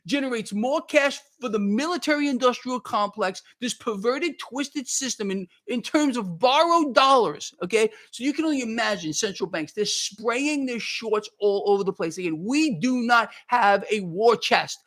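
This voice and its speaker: A man's voice: very high-pitched, lively intonation, normal speed, few pauses, fairly bright tone. Fired-up man ranting on a livestream. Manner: fired-up ranting, repeats himself, thanks chat viewers by name. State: worked up and sweating. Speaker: market commentary livestream host. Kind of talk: heated livestream monologue.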